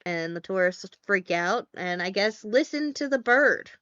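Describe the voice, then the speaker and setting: A woman podcast host walks her friends through a movie plot in a loose, rambling way, with plenty of fillers and wry asides. Her voice is smooth and clear. The recording is dry and slightly dull, like a lo-fi home podcast mic. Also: mid-range voice, expressive, measured pace, fairly bright tone, no room sound. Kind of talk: casual movie recap.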